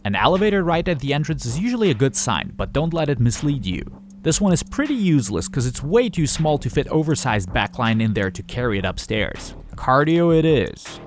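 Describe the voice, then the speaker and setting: A young adult man narrating his touring vlog in a dry, matter-of-fact voice-over with wry humor. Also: a little high. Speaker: touring drummer and vlogger.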